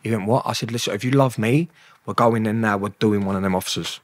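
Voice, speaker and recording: Speaking quickly in a lowish voice, a London man appears as an interview guest, recounting stories in blunt slang, cursing freely and performing other people's lines. The recording is dry.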